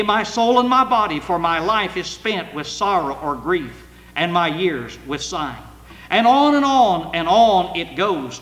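An older man preaching a sermon with earnest emotion, at times rising to loud cries as he reads scripture. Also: sits high. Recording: echoey hall with long reverb.

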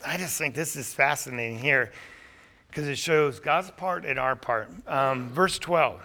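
A man's voice: mid-range voice, a little slow, pushed and bright. A man preaching a sermon who is losing his voice, talking earnestly and putting questions to his listeners before answering them himself.

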